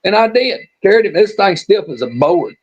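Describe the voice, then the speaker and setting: Husky high-voiced storyteller man. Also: big pitch swings, moderate pace. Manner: drawling, folksy yarn-spinning with restarts. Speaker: storyteller on a live show. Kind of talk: casual storytelling. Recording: muffled lo-fi stream audio.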